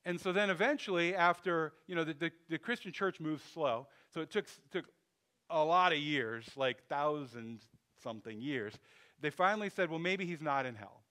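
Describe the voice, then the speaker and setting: A man's voice: on the high side, moderate pace, pushed and bright. A man preaching a sermon in a loose, conversational way, thinking aloud with restarts and asides. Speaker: pastor.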